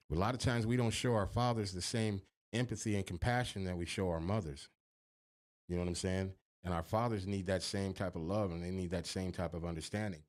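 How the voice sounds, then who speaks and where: A man's voice: lowish voice, darkish tone. A man co-hosting a podcast, talking casually with an emphatic, profane, preachy manner. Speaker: podcast co-host.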